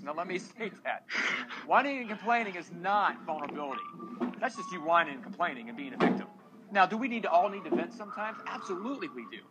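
A man's voice: fairly high pitch, background noise. A man in his thirties, a single father on a podcast, talking earnestly and emotionally to other men. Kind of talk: casual podcast talk.

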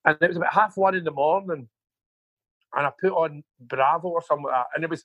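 Husky-voiced man telling rambling stories. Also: a little high, quick pace, dry recording, muffled recording. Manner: profane, rambling anecdotes with frequent asides. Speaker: music manager guest. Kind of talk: casual storytelling interview.

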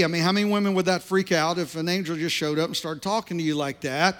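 A pastor with a noticeably high voice delivers his sermon. He tells a joke before moving into scripture. His delivery is loose and conversational, and he often restarts phrases. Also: fairly even intonation, quick pace, few pauses, a bit bright. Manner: conversational storytelling with jokes and restarts.

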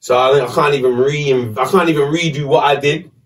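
A man's voice: on the high side, fairly quick, recorded from a distance. Slangy man telling a story. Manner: animated, swearing, slangy. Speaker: podcast host. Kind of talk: casual storytelling.

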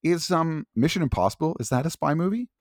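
A man's voice: fairly high pitch, lively intonation, quick pace, no room sound, studio quality. A man co-hosting a comedy podcast in casual chat, meandering and hesitant, laughing easily. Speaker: podcast co-host.

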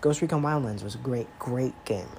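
A man's voice: medium pitch, fairly quick, darkish tone, slight background noise, poor audio. A man hosting a casual gaming commentary monologue, rambling and conversational with many fillers and restarts.

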